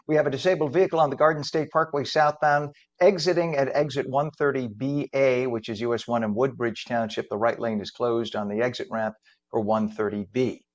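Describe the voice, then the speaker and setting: A man hosting a live morning TV show, reading traffic and introducing guests in a brisk, jokey way. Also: medium pitch, lo-fi sound.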